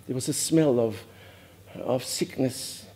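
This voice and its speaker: A man's voice: mid-range voice, slow, warm tone, lightly acted. A man playing a prim, earnest older Afrikaans society lady with an Afrikaans South African accent, confiding in a monologue that drops Afrikaans words. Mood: reminiscing. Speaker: host. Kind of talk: character monologue.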